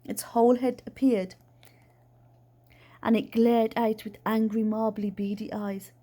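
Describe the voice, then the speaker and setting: A woman reading a children's book aloud in a plain, steady storytelling way. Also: on the high side, measured pace. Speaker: reader.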